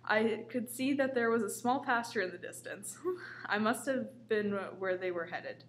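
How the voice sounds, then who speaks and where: A woman reads a silly story aloud at a mid pitch, casually, sometimes tripping over words. A faint hum sits under her voice. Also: normal speed. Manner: casual, stumbles and laughs while reading. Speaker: story reader. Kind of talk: reading a comic story aloud.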